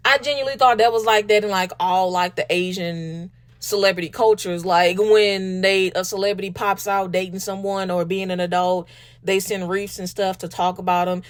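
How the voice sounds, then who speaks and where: A woman with a Southern US accent hosting a casual commentary talk show, sassy and animated, calling her listeners baby and y'all. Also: medium pitch, moderate pace. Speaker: podcast host.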